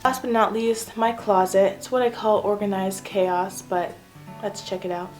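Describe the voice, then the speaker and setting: A woman's voice: mid-range voice, fairly even intonation, normal speed, over loud music. A young woman giving a casual, self-mocking tour of her home art studio, chatty and giggly. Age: young adult. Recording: echoey room.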